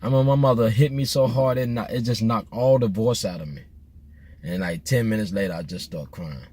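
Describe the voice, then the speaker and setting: A man's voice: lowish voice, fairly quick, a little mellow, slightly rough. A middle-aged man, telling loose, joking stories while he drives, full of slang and restarts. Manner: laid-back, joking, rambling with restarts and slang. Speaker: vlogger. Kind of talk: casual storytelling while driving. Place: in a car.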